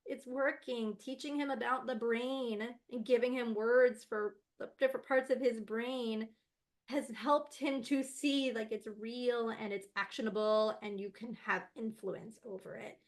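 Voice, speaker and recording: A woman's voice: a little high, fairly even intonation, unhurried. A woman guest on an interview podcast, a laughter yoga teacher chatting casually and animatedly, laughing often.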